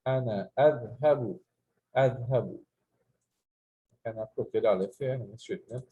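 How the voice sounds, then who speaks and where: Guy teaching arabic grammar, patient, says words slowly and has the class repeat them. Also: medium pitch, phone-quality sound. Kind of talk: classroom language lesson.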